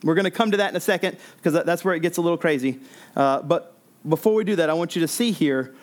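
A man's voice: fairly high pitch, fast talker. A man preaching an expository sermon, earnest, repeating words and restarting as he explains.

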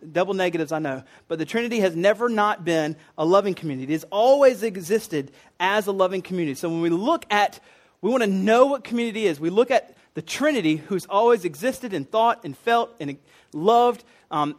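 A man with a high-pitched voice delivering a sermon. He talks conversationally and earnestly, dropping casual asides and fillers as he explains his points. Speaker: preacher.

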